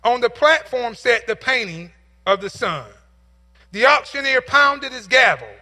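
A male pastor preaching a sermon through a told story, rising into emphatic, repeated calls. His voice is unusually high for a man and very bright and ringing in tone. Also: sing-song, unhurried, in a large hall.

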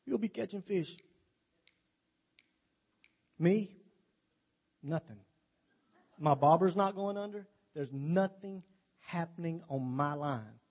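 A man's voice: on the high side, unhurried, long pauses. A man preaching a sermon in a folksy, joking, storytelling way. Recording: dull lo-fi recording.

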